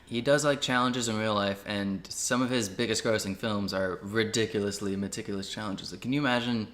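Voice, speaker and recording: A young man co-hosting a casual movie review chat, laid-back and agreeable, quick to laugh. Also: on the low side, fairly even intonation, fairly bright tone. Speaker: co-host.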